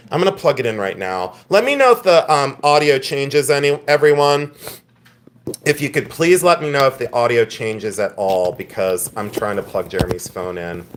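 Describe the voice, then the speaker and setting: Chatty excitable man hosting a live sale. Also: on the high side, slight background noise. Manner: chatty and excitable, jokes and laughs with viewers. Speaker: host selling jewelry on a live stream. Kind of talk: casual live-stream sales chat.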